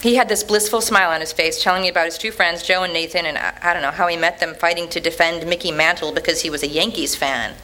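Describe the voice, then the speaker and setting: A woman giving a dramatic reading of a personal letter in an animated, conversational storytelling manner. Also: lowish voice, fast, few pauses, a little hiss or hum.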